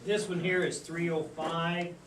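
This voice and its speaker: A man's voice: on the high side, level tone, measured pace, a crowd in the background. A man keeping time for a radio show, talking in an easygoing, practical way. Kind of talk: casual chat. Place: radio studio. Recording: echoey room, distant mic, faint noise.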